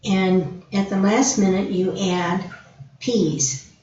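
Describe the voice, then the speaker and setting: Slow-talking woman demonstrating a recipe. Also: medium pitch, a little mellow. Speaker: guest cook. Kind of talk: cooking demonstration. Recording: roomy, distant, dull, faint hiss.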